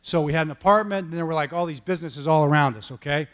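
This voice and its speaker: A football coach gives a quick-paced motivational keynote from an event stage, his voice noticeably high. He tells animated stories and keeps checking in with the audience, asking "okay?" and "all right?"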